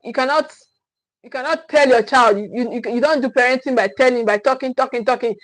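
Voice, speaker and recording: A woman's voice: high voice, fairly quick, no room sound, poor audio. A woman parenting coach giving a livestream teaching talk, repeating her key phrases with emphasis and often checking in with "okay?". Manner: frequent restarts and checking "okay?".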